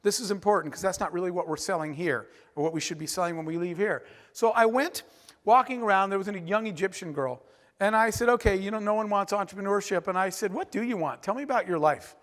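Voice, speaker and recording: Animated man speaking in a reverberant hall. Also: high-pitched, quick pace. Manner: animated, conversational, frequent "right?" asides. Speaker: keynote speaker. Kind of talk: storytelling keynote speech. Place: large conference hall.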